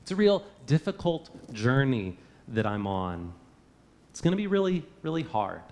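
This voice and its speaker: A man's voice: medium pitch, sing-song, a little slow, warm tone. A man preaching a sermon, earnest and emphatic, often asking the listeners rhetorical questions. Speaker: pastor.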